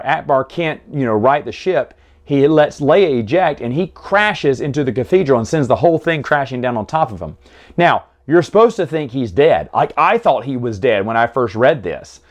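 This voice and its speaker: Man, casual book-recap host, excited and rambling, average pitch; reads warm and unpolished. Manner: enthusiastic, rambling with restarts.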